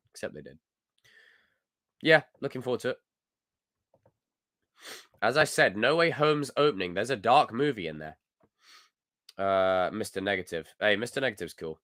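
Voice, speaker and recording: Animated Scottish man ranting live. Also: mid-range voice, normal speed, long pauses, no room sound, studio quality. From Scotland. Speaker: livestream host. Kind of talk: casual live chat reading comments.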